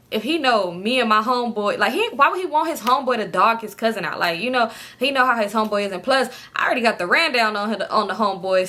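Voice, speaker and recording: Young woman, casual storytime vlog, bright voice, animated delivery with big pitch jumps, laughs often. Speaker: storytime vlogger.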